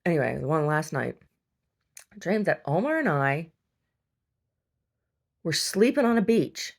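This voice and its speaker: A woman talks in a loose, chatty way, circling back and restarting her sentences as she tells a long story. Her voice sits low and carries a gravelly fry. She hosts and shares everyday stories with her listeners. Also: very animated, measured pace. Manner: chatty, heavy use of fillers and restarts. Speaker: podcast host. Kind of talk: casual rambling storytelling.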